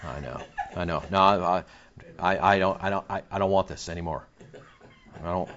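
A man preaching a sermon. He reads scripture aloud, explains it and jokes, swinging from low asides to excited outbursts. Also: normal speed. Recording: dull lo-fi recording.

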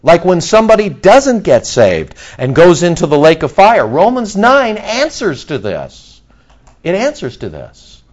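A male pastor delivers a sermon with a lively, swinging pitch that sits a little high for a man. He works through a scripture passage and keeps breaking into quick acted asides in the voices of the crowd. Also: dull audio.

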